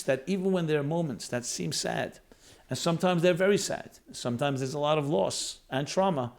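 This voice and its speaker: The man, a rabbi and lecturer, has a slightly high voice with a darkish tone. In his reflective spiritual talk, he lays out points in chains of brief phrases, the emphasis rising and falling.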